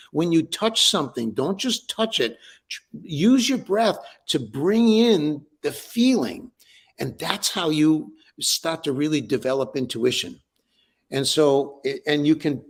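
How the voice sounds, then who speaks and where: Older man, enthusiastic teacher, lively swooping pitch, fairly high voice, restarts words. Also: husky. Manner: enthusiastic, repeats words when starting. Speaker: breathwork teacher and author. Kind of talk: interview answers.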